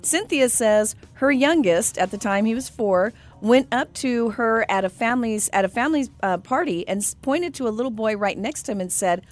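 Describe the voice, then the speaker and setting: A fairly high-pitched middle-aged woman co-hosting a radio show. She tells stories and reads listener posts in an animated voice and laughs often. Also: moderate pace, hardly any pauses. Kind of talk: casual radio chat reading listener posts.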